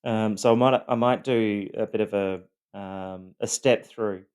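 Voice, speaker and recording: A man's voice: on the low side, fairly even intonation, measured pace, a little mellow, smooth. A man with an Australian accent, telling his own story in a loosely scripted monologue, rambling with many ums and a wry, self-deprecating edge.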